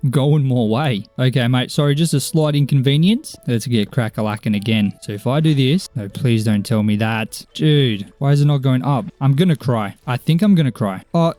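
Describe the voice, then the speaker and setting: A man's voice: mid-range voice, moderate pace, hardly any pauses, dark tone, no echo. A young man giving chatty let's play commentary, talking to the game characters and joking at his own expense. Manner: chatty, talks to game characters, mild self-mockery. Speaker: gaming YouTuber.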